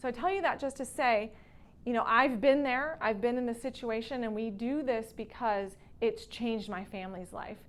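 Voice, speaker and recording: Higher-voiced Texan woman telling a story. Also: normal speed. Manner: expressive storyteller, acts out quoted lines. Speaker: chiropractor and wellness doctor. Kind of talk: casual talk to patients.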